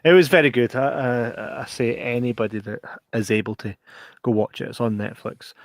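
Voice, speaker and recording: Scottish man, mid-pitched voice, casual sweary podcast chat, dry close recording. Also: no echo. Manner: chatty, sweary, brisk announcements to viewers. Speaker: podcast co-host.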